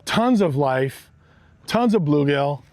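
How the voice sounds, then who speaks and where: Excitable man hosting a fishing livestream. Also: on the high side, takes it slowly, dry recording. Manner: excited, exclamatory, talks straight to viewers. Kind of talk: live fishing commentary. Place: on a boat on a lake, outdoors.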